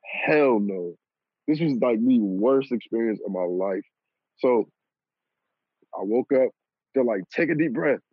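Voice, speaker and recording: A young man casually telling a personal story, animated and swearing and laughing at himself. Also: on the low side, slow, long pauses, no room sound. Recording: lo-fi phone-like audio.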